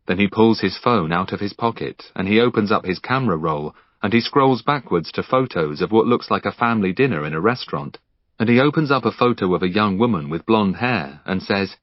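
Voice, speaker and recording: A man narrates an audiobook, voicing its dialogue with feeling. His pitch rises and falls widely. The recording is dry and a little dull. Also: moderate pace, dry recording. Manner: expressive, emotional character reading. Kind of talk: scripted narration with acted dialogue.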